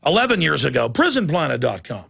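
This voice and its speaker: Talk radio guy going off on a rant, gravelly, kinda high voice. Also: big pitch swings, fast talker, fairly bright tone. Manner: emphatic, ranting. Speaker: radio talk show host.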